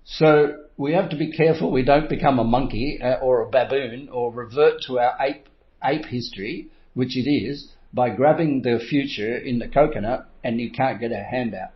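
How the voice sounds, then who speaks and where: A man's voice: medium pitch, moderate pace. A middle-aged man coaching in a motivational talk, telling stories and acting out his own inner voice with frequent chuckles. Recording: slightly dull lo-fi recording.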